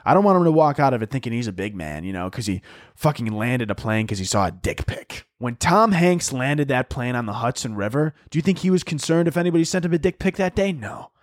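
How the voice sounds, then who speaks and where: Lively, profane male podcast ranter. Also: medium pitch, a little fast, dry recording, studio quality. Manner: profane, exasperated, mock-outraged. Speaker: podcast host. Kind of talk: solo comedic podcast rant.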